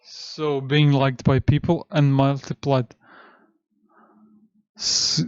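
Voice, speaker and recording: Slow, dull-sounding male meditation teacher. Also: mid-range voice, level tone, clean tone, no room sound. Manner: repeats syllables slowly, cues breathing in and out. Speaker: esoteric teacher. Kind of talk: slow lecture with chanted syllables. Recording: dull, dry, muffled recording.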